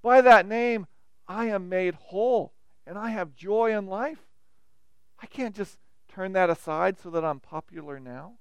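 A male preacher delivers a sermon in a high, smooth, resonant voice. He varies his emphasis and keeps asking the listeners questions. The sound is dry and close, with no room echo. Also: unhurried, highs cut off.

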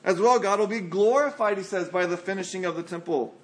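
A male pastor delivers a sermon in a high, clear voice. He talks conversationally but with emphasis, and he often poses rhetorical questions to his listeners. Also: brisk.

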